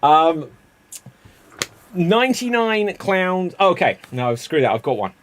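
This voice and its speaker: Guy running improv jokes, quick chatty host, giggles a lot. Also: mid-range voice, expressive, slight background noise. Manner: laughs often, quick and chatty. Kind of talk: casual improv comedy hosting.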